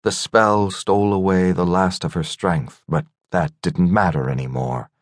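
A man narrating a fantasy audiobook in a measured, gentle storytelling manner. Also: deep voice, steady tone, no room sound, studio quality. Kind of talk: scripted narration.

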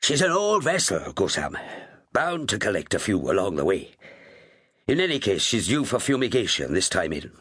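A man's voice: on the low side, sing-song, normal speed, fairly bright tone, breathy edge, no echo, clean studio sound, exaggerated voice. A man voicing a jovial, rambling Irish sea captain in an audiobook, with an Irish accent and a teasing manner. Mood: amused. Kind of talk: audiobook character voice.

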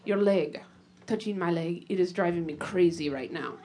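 A woman putting on the voice of a flirty, teasing male bike-tour guide with an accent, in a lowered deadpan tone. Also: normal speed.

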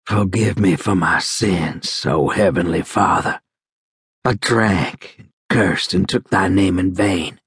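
A man's voice: mid-range voice, expressive, normal speed, vocal fry, a bit bright, slightly rough, no echo, clean studio sound, voice pushed up, full character voice. A man voicing a badly wounded young soldier who pleads in pain, panicky and gasping. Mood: mumbled prayer.

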